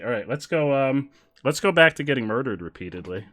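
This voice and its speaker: Male streamer, casual, joking, laughs a lot, middle pitch, reads chat aloud. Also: expressive, a little fast, a bit bright, soft background music. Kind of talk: casual live-stream chat while gaming.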